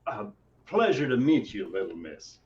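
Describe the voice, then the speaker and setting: A man doing a courtly wandering stranger. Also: normal speed. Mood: courteous. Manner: polite, old-fashioned phrasing, lively pitch. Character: drifting male stranger, courteous and formal. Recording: dull lo-fi mic.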